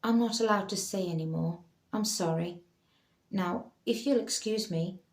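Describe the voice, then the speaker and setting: A man's voice: high voice, unhurried. Courteous male paramedic, formal, voiced by a woman reader, in an echoing room. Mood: apologetic. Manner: polite, apologetic. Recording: roomy echo.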